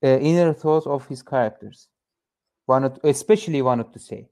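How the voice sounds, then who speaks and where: Hesitant man with a warm, dark voice. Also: medium pitch. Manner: hesitant, halting, many fillers while searching for words. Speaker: English learner. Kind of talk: one-on-one English lesson.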